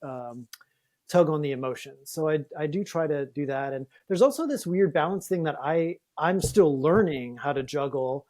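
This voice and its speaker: A man's voice: a little high, lively intonation, normal speed, few pauses, darkish tone. A man being interviewed about his writing, chatty with many fillers and restarts. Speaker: guest author. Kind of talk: casual interview talk.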